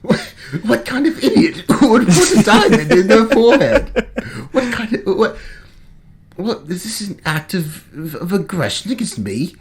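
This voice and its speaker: A man's voice: sits high, sing-song, normal speed, pitched above the performer's own voice. A man voicing a posh, fussy man who has lost a diamond heirloom, in a clumsy put-on posh accent and a theatrical, fretful way of talking. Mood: indignant.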